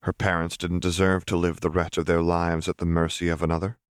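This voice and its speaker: A man narrating a story as an audiobook reader in a steady, even way. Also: sits low, fairly quick, clear, resonant tone, no room sound, studio quality. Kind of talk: scripted narration.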